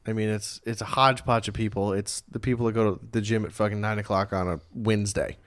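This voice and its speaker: A man's voice: lowish voice, steady tone, quick pace, a bit bright. A young man co-hosting a casual podcast, rambling through stories, swearing freely and laughing often. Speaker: podcast co-host. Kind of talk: casual chat.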